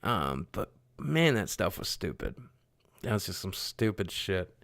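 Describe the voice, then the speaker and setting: A man's voice: deep voice, very animated, slow pace, creaky, fairly bright tone. A young man streaming live, rambling and swearing as he answers chat messages and repeats himself. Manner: rambling, profane, repeats phrases. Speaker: livestreamer. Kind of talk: casual rant to live chat.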